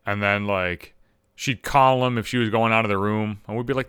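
A man hosting a podcast, ranting with constant swearing, swinging between exasperated high-pitched outbursts and low mutters. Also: a little fast, a bit bright, clean tone, dry recording, clean studio sound. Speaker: podcast host. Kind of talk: profane comedic rant.

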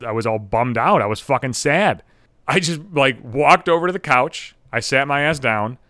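A podcast host, a young adult man, gets exasperated as he rambles through a profanity-filled story in monologue form. His mid-range voice is expressive, bright, and forceful at a normal speed, recorded cleanly in a studio with no echo.

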